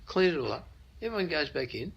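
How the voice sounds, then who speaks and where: Gravelly Australian older man telling stories. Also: fairly high pitch, very animated, quick pace, poor audio. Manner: anecdotal, many restarts and chuckles. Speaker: interviewee. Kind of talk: casual storytelling.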